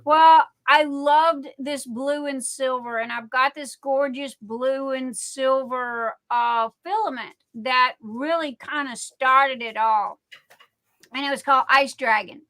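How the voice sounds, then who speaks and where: Bright-voiced, chatty woman host. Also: sits high, slow. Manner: rambling, excitable, chatty storytelling. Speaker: livestream host. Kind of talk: casual livestream chat.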